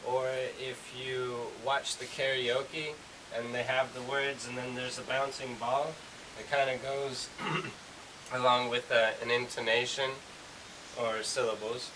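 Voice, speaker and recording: A man's voice: medium pitch, level tone, unhurried. A man teaching English, explaining in a casual, rambling way with lots of fillers. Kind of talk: explaining a language lesson. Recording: hissy recording from far off.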